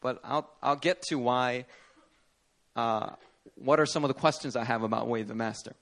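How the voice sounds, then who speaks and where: A man preaching a sermon as pastor at a church service, telling stories with animated energy and acting out the people he quotes. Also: mid-range voice, normal speed.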